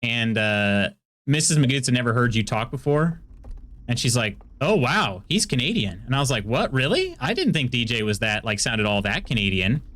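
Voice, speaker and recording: A man's voice: medium pitch, a little fast, fairly bright tone. Chatty Midwestern American man. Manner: chatty, laughs often, reacts to chat messages. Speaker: streamer. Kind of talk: casual chat with viewers while gaming.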